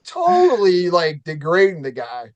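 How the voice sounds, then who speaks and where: A man hosting a casual talk show, telling a story in an animated, profane way and acting out the quotes. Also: high-pitched, a little slow, muffled recording. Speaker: show host.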